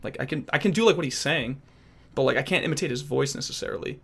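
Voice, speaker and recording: Young male streamer; upbeat, bright, rambling casual talk. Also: mid-range voice, quick pace, gravelly, breathy edge. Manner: animated, rambling, restarts often. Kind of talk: casual chat reacting to viewers.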